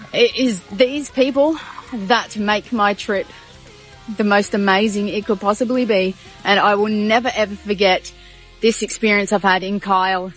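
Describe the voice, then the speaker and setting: A woman's voice: mid-range voice, fairly bright tone, low-quality recording. A woman with an Australian accent, telling a story to her phone camera outside a shop on a road trip. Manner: chatty, tearful at moments. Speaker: travel vlogger. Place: outdoors by a shop.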